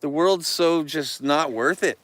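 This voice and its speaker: A man's voice: a little high, a little slow, fairly bright tone, dry recording. A man live-streaming outdoors near bears, ranting about rude viewers and scolding the animals in a rambling chat.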